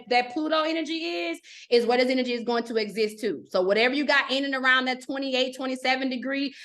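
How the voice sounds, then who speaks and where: A middle-aged woman teaching an astrology class in a chatty, animated way, often checking in with "okay?" and acting out little quotes. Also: high-pitched. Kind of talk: live class, casual teaching.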